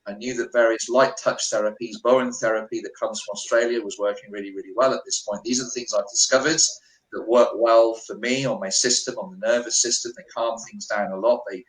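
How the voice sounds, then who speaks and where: A British healer, a guest on a storytelling interview over a remote call, speaks briskly in a lowish voice from an echoey room. He recounts a personal story with animation, acting out the quoted dialogue.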